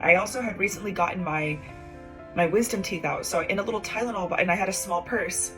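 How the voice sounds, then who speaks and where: A woman's voice: medium pitch, fairly quick, music in the background. A young woman, a comedian, telling a personal story in a casual, self-mocking way, acting out the dialogue with big jumps in her voice.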